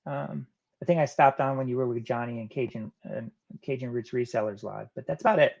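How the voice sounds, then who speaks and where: Gravelly-voiced man hosting a live chat. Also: mid-range voice, brisk, dull audio. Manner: relaxed, reads chat comments aloud and answers them one by one. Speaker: live-stream host of a reselling channel. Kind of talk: casual live-stream chat.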